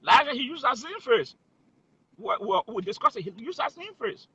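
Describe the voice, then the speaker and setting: A man's voice: very high-pitched, big pitch swings, moderate pace, pushed and bright, slightly rough, lo-fi sound. A man giving heated political commentary, emphatic and full of rhetorical questions.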